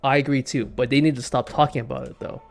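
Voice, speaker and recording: Speaking quickly in a steady, mid-range voice with vocal fry, this man streams a game and offers casual commentary. He rambles, stammers into restarts, repeats words and swears casually.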